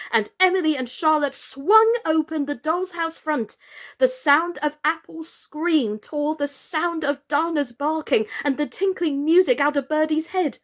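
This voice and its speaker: A woman reading a children's book aloud as a storyteller, slow, gentle and expressive. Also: high voice.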